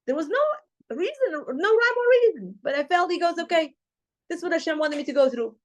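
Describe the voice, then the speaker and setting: A woman teaching a Torah class, retelling a story with lively acted-out dialogue. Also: extremely high pitch, brisk. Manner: animated retelling, acting out quoted dialogue.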